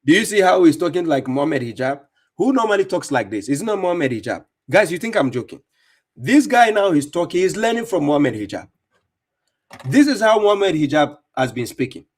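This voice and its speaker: A man's voice: on the high side, big pitch swings, fairly quick. A man hosting a live stream, commenting on clips and talking to viewers in a mocking, insistent way with lots of repetition. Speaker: livestream host reacting to clips.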